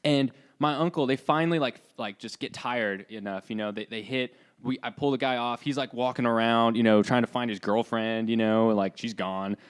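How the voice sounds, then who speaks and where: A young man co-hosting a podcast, telling a story in a loose, animated way with lots of fillers and acted-out lines. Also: medium pitch, normal speed, few pauses, clean tone. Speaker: podcast co-host. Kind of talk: casual storytelling.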